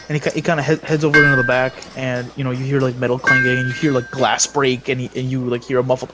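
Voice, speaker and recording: A man's voice: medium pitch, level tone, fast talker, few pauses, loud music behind the voice, low-quality recording. A man narrating a tabletop game as game master, rambling with many fillers and restarts.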